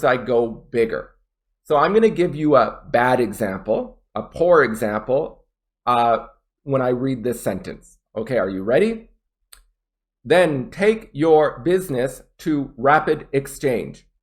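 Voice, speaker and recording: A man teaching English test pronunciation, a native speaker explaining tips and demonstrating in a slow, deliberate way. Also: on the high side. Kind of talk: pronunciation lesson.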